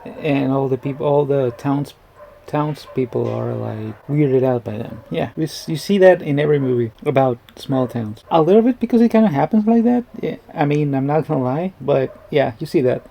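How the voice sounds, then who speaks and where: A man's voice: mid-range voice, lively intonation, normal speed, vocal fry, dark tone, a little hiss or hum. A man chatting casually as he reacts to a movie, rambling and joking with frequent restarts. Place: indoors at home.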